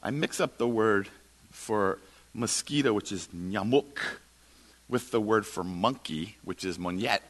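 A man preaching as a guest speaker in a church, telling a self-mocking story in an animated way. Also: fairly low pitch, a little slow. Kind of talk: sermon with storytelling.

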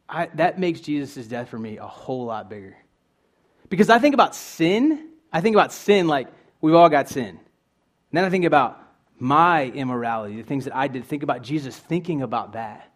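A young man preaching a sermon in an earnest, conversational way, asking his listeners questions. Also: fairly high pitch.

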